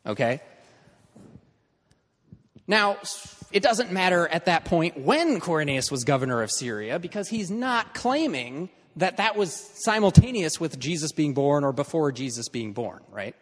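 A man's voice: fairly high pitch, sing-song, measured pace, long pauses, a bit bright, in a large hall. A man teaching an in-person class in a conversational lecture style, checking in with his students as he explains.

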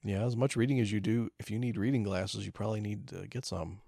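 A man's voice: lowish voice, quick pace, vocal fry, dry recording, clean studio sound. A man co-hosting a podcast in casual chat, crudely teasing his partner. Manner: teasing, crude, deadpan ribbing. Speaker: podcast co-host.

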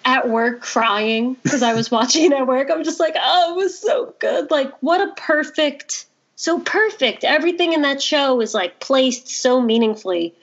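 A woman hosting a casual podcast, talking in an animated way with quick asides. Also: high voice. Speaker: podcast host. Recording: dull lo-fi sound.

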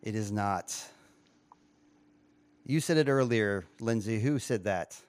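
A man's voice: fairly low pitch, slow pace, a little mellow. A man hosting a casual chat, playfully quizzing his co-hosts and laughing often. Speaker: podcast host quizzing co-hosts.

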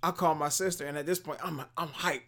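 A young man casually telling a story, animated and laughing often, acting out the voices of the people in it. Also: fairly high pitch, brisk.

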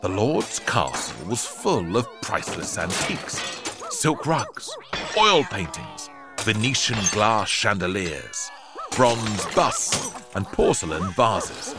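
A man reading a children's storybook aloud, lively and playful, punching out sound-effect words. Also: fairly low pitch, slow, music in the background.

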